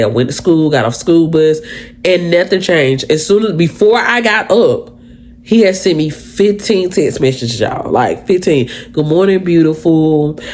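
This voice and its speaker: A young woman chatting to her viewers in a storytime vlog, her voice sitting fairly low. Her pitch swoops lively up and down as she talks. She tells the story with easy, animated energy. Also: a little hiss or hum. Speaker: vlogger.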